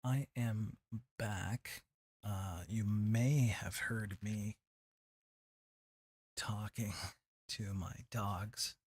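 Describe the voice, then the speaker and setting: A man's voice: lowish voice, steady tone, very slow, pauses often, a little mellow, slightly rough, dry recording, studio quality. A man casually commenting while he streams a game, rambling and poking fun at himself. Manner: rambling, self-deprecating.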